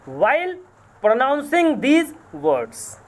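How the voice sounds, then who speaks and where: A man's voice: very high voice, huge pitch swings, slow pace. A man with an Indian English accent lecturing as a college English teacher, spelling words out letter by letter, repeating them and correcting himself. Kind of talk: recorded lecture.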